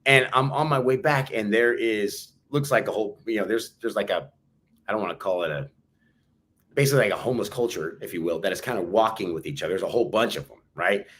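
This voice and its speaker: A man with a lowish voice talks quickly and casually, moving from everyday gripes to motivational points. His delivery is conversational and keeps pushing forward. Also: fairly bright tone, slight background noise. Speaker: podcast co-host. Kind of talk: casual chat.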